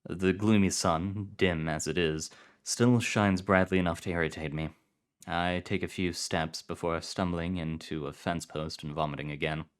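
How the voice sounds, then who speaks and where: A man reading fiction aloud in a calm, measured, low-key narration. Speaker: story reader.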